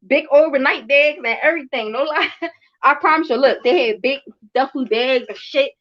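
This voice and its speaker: A woman around thirty hosts a casual chat and tells a story about parenting. Her voice sits a little high, and the lo-fi recording sounds muffled. She talks bluntly and emphatically, with lots of swearing and repetition. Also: normal speed. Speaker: podcast host and mother.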